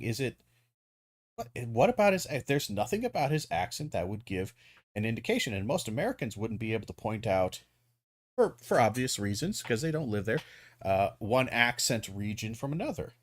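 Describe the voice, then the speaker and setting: A man with a fairly low voice talks through a video as a commentator, rambling along with plenty of ums, restarts and the occasional curse. The recording is dry and close, with no room sound. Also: no room sound. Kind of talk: casual commentary.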